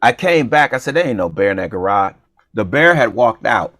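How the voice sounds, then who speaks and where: Brisk and fairly low-pitched, a comedian who co-hosts a talk show shares a funny story in a casual, playful way. The recording is dry and studio quality, and he acts out the dialogue with lively animation.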